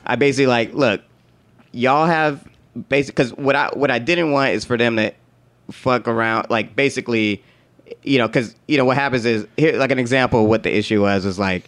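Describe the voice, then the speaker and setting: A man's voice: mid-range voice, a little fast. A man telling a workplace story in casual conversation, laughing often and acting out what others said in slangy, profane talk. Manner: animated, laughs often, acts out quotes.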